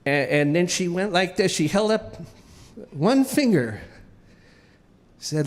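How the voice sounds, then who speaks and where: A man telling a wry, self-deprecating comic story on stage at a live event, with halting restarts. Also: high-pitched, lively intonation. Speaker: featured storyteller. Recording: reverberant live hall.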